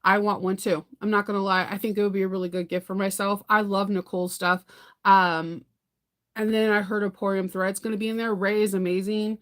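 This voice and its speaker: A woman's voice: medium pitch, level tone, brisk, a bit bright. A woman hosting a casual sewing livestream, chatting in a rambling way, laughing often and answering viewer comments. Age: adult parent.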